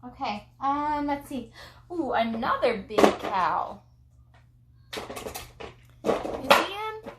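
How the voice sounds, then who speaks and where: High, sing-song mom talking slowly. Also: female voice. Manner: sing-song, slow and animated like talking to a small child. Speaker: mother and channel host. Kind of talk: teaching animal sounds and signs to a child. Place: home room, playing with a toy farm. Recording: echoey room with background noise.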